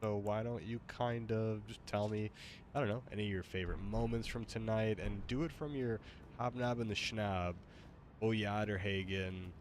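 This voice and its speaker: A fairly low-voiced man jokes around casually while streaming a game. He sounds easygoing and goofy, with clear background noise under his voice. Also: fairly even intonation, normal speed. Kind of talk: casual gaming stream chat.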